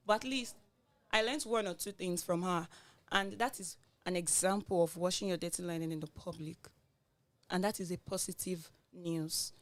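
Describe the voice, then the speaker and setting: A woman co-hosting a radio talk show, telling a story in a chatty way full of fillers. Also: medium pitch. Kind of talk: casual panel discussion.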